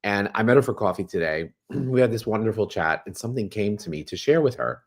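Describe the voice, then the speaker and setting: A man with a low voice gives a spiritual talk and guided meditation. His pitch swings widely as he repeats phrases like a mantra. When he guides the breathing, he slows down and speaks softly. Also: lively intonation. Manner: slow and soft when guiding breathing. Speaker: astrology host.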